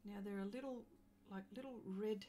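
While painting on a live stream, a middle-aged woman chats casually with viewers, self-deprecating and breaking into bursts of excited laughter. Her voice is medium-pitched and her pace normal.

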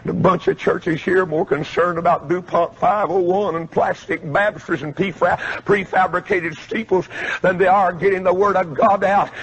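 A man preaching a revival sermon, swinging from quiet pleading to shouting. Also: high-pitched, fairly even intonation, normal speed, few pauses. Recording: muffled lo-fi sermon tape.

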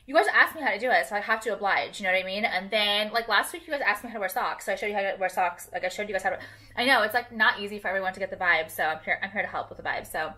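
A woman's voice: medium pitch, bright, forceful tone. A young woman vlogging casually to camera while doing her makeup, rambling with lots of fillers and casual swearing.

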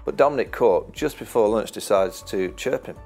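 A middle-aged man from England, a former cricketer, telling animated anecdotes in casual chat and laughing often. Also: fairly low pitch, normal speed, gravelly, soft background music. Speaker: cricket pundit, former player.

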